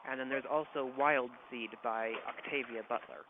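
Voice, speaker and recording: A young man, an author taking fans' questions on a phone call, friendly and quick to laugh. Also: mid-range voice, steady tone. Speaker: author guest. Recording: tinny phone line with faint hiss.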